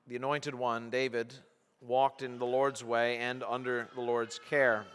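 A man preaching a sermon to his congregation, building to emphatic bursts and dropping back to quiet, earnest tones. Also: medium pitch, flat delivery, a little slow, clear, resonant tone, in a large hall. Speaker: pastor.

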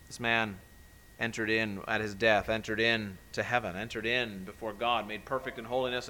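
Bright-voiced male preacher, swelling and falling. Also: mid-range voice, rough recording. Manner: builds to loud emphatic peaks, then drops soft. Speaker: pastor. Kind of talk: sermon.

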